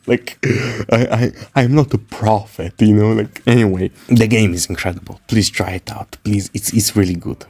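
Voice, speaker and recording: A male streamer rambles excitedly about games, stacking up "like" and swearing freely. His voice sits a bit low and sounds mellow. The recording is dry, with no room echo. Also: moderate pace, few pauses. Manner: excitable, rambling, profane, heavy use of "like". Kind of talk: casual gaming opinion vlog.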